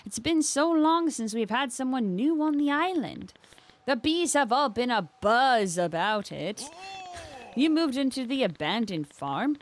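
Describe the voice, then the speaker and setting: A woman's voice: a little high, sing-song, a little slow. A woman voicing a cheerful, welcoming island beekeeper with a put-on Minnesotan accent and a friendly, folksy, slightly pinched voice.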